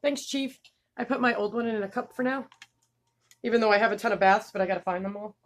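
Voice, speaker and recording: A woman's voice: mid-range voice, fairly even intonation, fast talker. Young woman vlogger, slight lisp, blunt and laughing, cusses casually. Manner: candid, laughing, swears freely. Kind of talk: casual vlog talk.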